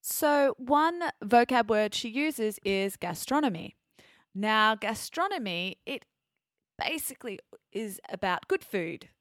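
Woman, Australian accent, podcast host, unhurried, dry close sound, explains words carefully. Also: on the high side, no echo. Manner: chatty, self-correcting, explains words carefully. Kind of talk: podcast introduction for English learners.

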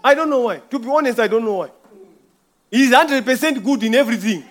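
A man's voice: extremely high pitch, a little fast. A man giving an informal church testimony, telling a rambling story with frequent chuckles.

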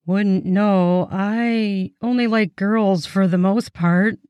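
A woman's voice: medium pitch, fairly even intonation, slow, clean tone, dry recording, muffled recording, lightly acted. Woman voicing a shy flustered young woman.

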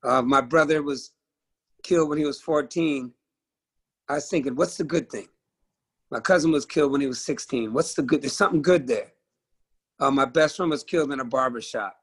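A man's voice: medium pitch, a little fast, fairly bright tone, breathy edge. A middle-aged man, a musician guest on a video call, talking with passion and emphasis and swearing freely. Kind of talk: candid conversational interview.

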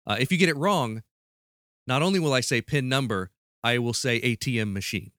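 A man's voice: medium pitch, a little fast, fairly bright tone, no echo. Guy running a podcast quiz, joking around, mid voice, dry close mic. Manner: playful, restarts mid-sentence. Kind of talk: casual podcast chat.

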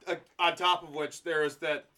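A man's voice: a little high, little pitch movement, normal speed, a crowd in the background. A man co-hosting a podcast, telling a history story in casual chat, joking, swearing a lot and laughing often.

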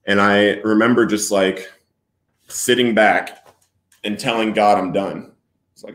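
A man as an interview guest, telling a personal recovery story in an earnest, halting way with many restarts. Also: fairly low pitch, steady tone, fairly bright tone, roomy sound.

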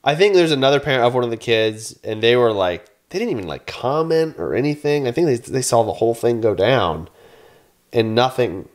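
A man in his thirties, a podcast co-host, telling an animated story in casual chat, swearing and acting out his own yelling. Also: medium pitch, a little fast.

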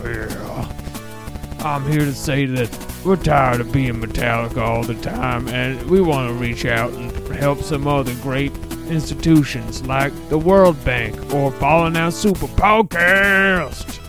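A man putting on the voice of a boastful, gruff male rock frontman doing a mock promo. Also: unhurried, over music, close to an everyday voice. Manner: mock-promotional, low and drawling.

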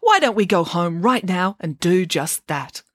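A woman voicing a greedy, lazy boy made of chocolate in a read-aloud storybook, in a high, whiny, cheeky voice. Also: sing-song, unhurried, no echo, studio quality.

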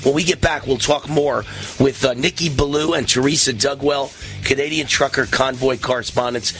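A man hosting a talk radio show, speaking in an energetic, rambling way that often repeats words. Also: mid-range voice, normal speed, music in the background.

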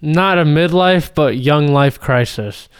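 A man's voice: on the high side, takes it slowly, clean tone. A young man co-hosting a casual podcast, teasing and cracking jokes. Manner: teasing, joking banter. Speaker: podcast co-host. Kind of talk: casual chat.

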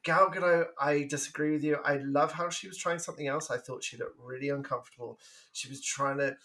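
A man co-hosting a movie podcast, blunt and animated in casual chat. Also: a little high. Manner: blunt and animated, quick to react. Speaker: podcast co-host.

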